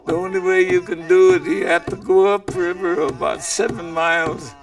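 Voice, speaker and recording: A man's voice: high-pitched, steady tone, moderate pace, vocal fry, recorded from a distance, faint music behind. A man voicing a wise old female mole who gives patient, matter-of-fact advice in a told legend. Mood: advising.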